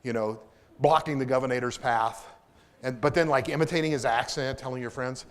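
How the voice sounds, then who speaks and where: Man doing a stern, dry older mother, scolding in a quiet, low voice. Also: fairly even intonation, normal speed, natural voice.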